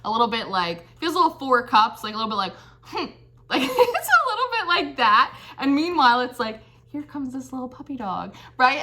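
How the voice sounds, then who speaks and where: A woman's voice: sits high, very animated, brisk, sharp tone. A woman giving a casual, chatty tarot reading, peppering her talk with "like" and giggling. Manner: chatty, says like constantly, giggly. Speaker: tarot reader.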